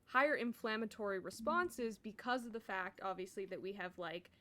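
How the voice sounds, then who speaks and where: A woman's voice: medium pitch, normal speed, sharp tone. A woman co-hosting a casual live-streamed science chat, talking loosely with lots of 'like'. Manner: chatty, heavy 'like', laughs often. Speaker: co-host.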